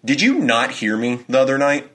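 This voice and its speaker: A young podcast co-host tells a story in casual chat, swearing heavily and acting out quotes in a raised voice. His storytelling is animated, delivered at normal speed in a medium-pitched voice.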